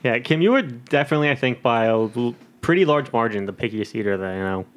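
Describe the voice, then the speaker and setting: A man chatting with friends in a relaxed group conversation. He jokes around and tells stories, and his pitch rises and falls a great deal as he talks. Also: fast. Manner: joking, animated storyteller. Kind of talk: casual chat among friends.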